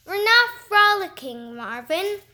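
A woman's voice: extremely high pitch, expressive, slow pace, heavily acted. Woman reading a cheery dog-class teacher. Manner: bright and cheery.

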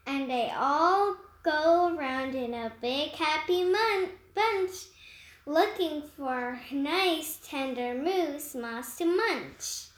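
Slow high-voiced woman reading a rhyme. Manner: slow, careful read-aloud pace with occasional stumbles. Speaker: storyteller. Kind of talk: reading a rhyming picture book aloud. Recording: echoey room.

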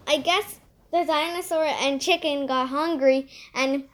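A goofy puppet-loving girl, as a storybook reader puts her on, high and bouncy. She gushes with excitement, slow and sing-song. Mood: excited.

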